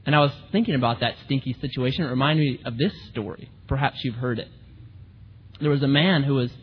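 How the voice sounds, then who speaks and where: Preacher guy spinning a funny story, husky voice, dull lo-fi sound. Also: mid-range voice. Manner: animated, humorous storyteller. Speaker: pastor. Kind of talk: sermon storytelling.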